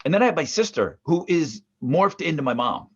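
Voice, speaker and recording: A man from the northeastern United States co-hosting a podcast from his mother's basement, telling family stories in a casual, animated way with plenty of swearing. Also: fairly high pitch, a little fast, husky, muffled recording. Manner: animated storyteller, swears, acts out family members' voices. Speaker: podcast co-host.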